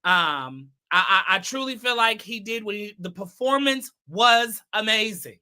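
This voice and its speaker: A woman's voice: mid-range voice, expressive, a little slow, pushed and bright, smooth. A woman from the Bay Area hosting her own show, giving casual commentary in a chatty way with repeated words and emphatic asides. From San Francisco Bay Area. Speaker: talk show host.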